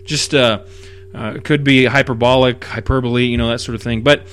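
A man's voice: mid-range voice, steady tone, fairly quick, a bit bright, smooth, soft background music. A man teaching the Bible verse by verse, reading scripture aloud and then explaining it in a casual, emphatic way.

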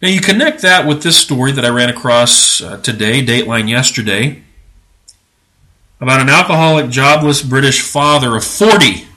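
A male podcast host delivering religious commentary with a bright, forceful voice. He talks in a sarcastic, preachy way and leans hard on his points with indignant emphasis. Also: mid-range voice, lively intonation, moderate pace.

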